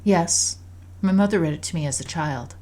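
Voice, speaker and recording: A woman voicing a gentle, loving mother in a game story, speaking softly and reassuringly. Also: deep voice, moderate pace. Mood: tender.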